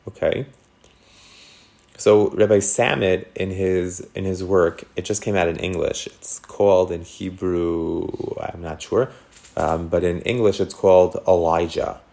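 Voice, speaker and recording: A man's voice: low voice, fairly even intonation, a little slow, creaky, mellow. A man teaching a text class on scripture, asking his students questions and thinking aloud as he explains. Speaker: Torah teacher.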